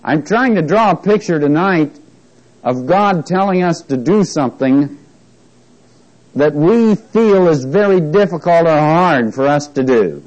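A man teaching an interactive Bible lesson, who reads scripture slowly with emphasis and jokes with his class. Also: a little high, animated, darkish tone, dull audio.

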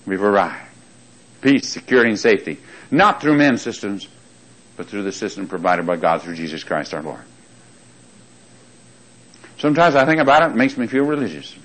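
A man's voice: fairly low pitch, very animated, normal speed, long pauses, fairly bright tone, rough recording. A man preaching a sermon who reads scripture aloud, quizzes his congregation and repeats lines for emphasis. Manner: reads scripture aloud in King James wording.

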